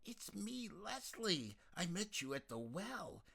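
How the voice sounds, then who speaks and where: An eager, chirpy young woman greets a friend in a high, bubbly voice, put on by the man reading the story. The pitch jumps about, and the words come slowly and brightly. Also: very animated, vocal fry, exaggerated voice.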